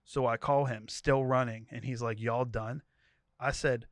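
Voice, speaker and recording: A man's voice: medium pitch, moderate pace, no room sound, clean studio sound. A podcast co-host reading a wild tweet thread aloud, laughing as he goes and giving each character's lines a voice. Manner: animated storytelling, laughing between lines.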